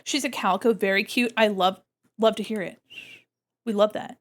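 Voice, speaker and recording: A woman's voice: fairly even intonation, normal speed. A young woman chatting casually and playfully on her art livestream while she draws, talking into a desk microphone. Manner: playful, chatty, imitates her cats with squeaky noises. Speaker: art streamer.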